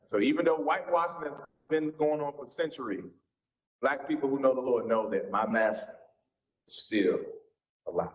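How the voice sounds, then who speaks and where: This forties-aged Southern pastor sounds expressive, his mid-range voice moving at a moderate pace with long pauses as he teaches an informal, folksy seminar. It's captured in a church sanctuary, with an echoey, muffled quality.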